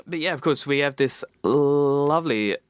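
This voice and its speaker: A man chats loosely as a podcast co-host, recorded at home over an internet call. His voice sits at an ordinary middle pitch, and the sound is close and dry with no room around it. He wanders through his points, self-aware that he tends to go on. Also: brisk, a bit bright, no room sound. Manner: rambling, self-conscious about talking too much. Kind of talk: casual chat. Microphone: remote internet call.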